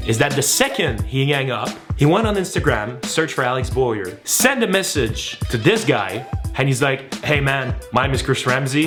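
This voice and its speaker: A man telling a story to camera with lots of energy, acting out each voice he quotes and shrieking when he gets to the shocks. His voice sits at an ordinary middle pitch. Music plays clearly underneath him. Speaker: vlogger. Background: background music.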